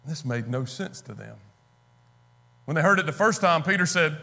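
Man, high voice, preacher, conversational sermon, acts out quotes. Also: animated, moderate pace, vocal fry, sharp tone.

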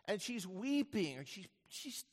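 High-voiced preacher in a reverberant hall. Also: male voice, very animated, a little slow. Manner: storytelling preacher, swings between soft hushed lines and sudden loud bursts. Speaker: pastor. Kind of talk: sermon. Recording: long reverb of a large hall.

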